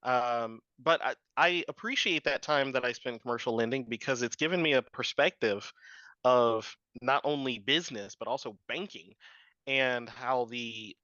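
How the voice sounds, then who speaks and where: Interview guest, man in his 30s, chatty and rambling, sharp-toned voice on a muffled, dry recording. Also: medium pitch, normal speed, no echo. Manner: rambling, frequent fillers and laughs. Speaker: guest, drone business owner. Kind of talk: casual interview storytelling.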